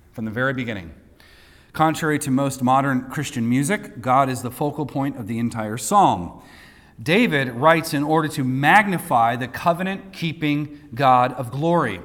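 A man preaching a sermon in a hall, his voice trailing off into a long reverb. He teaches through the text with light asides and often repeats a word as he goes, at an ordinary pitch for a man. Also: moderate pace, a bit bright. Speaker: pastor.

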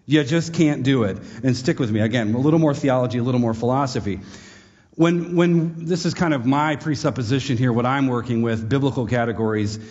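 A man's voice: mid-range voice, normal speed, a little mellow. A man teaching a sermon to a live audience in a conversational way, with wry, joking asides. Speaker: preacher. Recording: echoey hall, dull lo-fi sound.

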